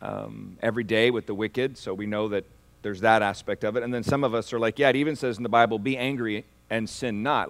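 Man preaching with big hushed-to-loud swells. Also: lowish voice, steady tone, fairly quick, gravelly. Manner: asks the congregation for responses. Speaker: pastor. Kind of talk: sermon.

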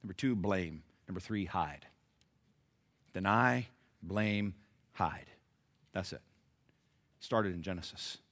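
Bright-voiced male preacher. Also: low-pitched. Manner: emphatic, deliberate preaching. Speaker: pastor. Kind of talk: sermon.

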